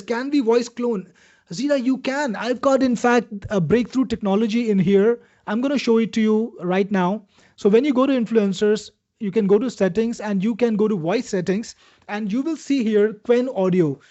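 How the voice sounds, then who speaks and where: A man with a high, mellow voice hosts a webinar, upbeat and salesy as he walks through a software demo and answers viewers by name. The audio is a bit dull and lo-fi. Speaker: webinar host demoing software. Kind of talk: live product demo answering viewer questions.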